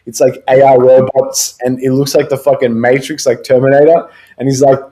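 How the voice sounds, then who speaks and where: Young australian man, casual chat, swears a lot, mid-pitched voice, co-host. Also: level tone, moderate pace, slight background noise. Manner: loose, profane, joking, trails off quietly. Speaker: podcast co-host.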